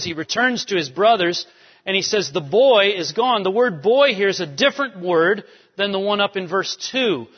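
A man teaching a Bible lecture in a conversational way, checking in with rhetorical questions. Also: on the high side. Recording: dull recording with long hall reverb.

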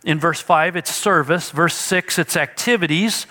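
A man's voice: on the high side, a little slow, pushed and bright, long reverb tail. A male pastor preaching an expository sermon, emphatic and teaching through rhetorical questions.

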